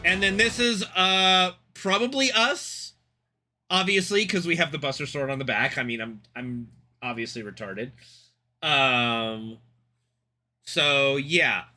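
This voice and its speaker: A young man streaming live, rambling excitedly and cursing as he reacts to a game trailer. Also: a little high, takes it slowly, faint music behind. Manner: excitable, rambling, swears freely. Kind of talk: casual live-stream commentary.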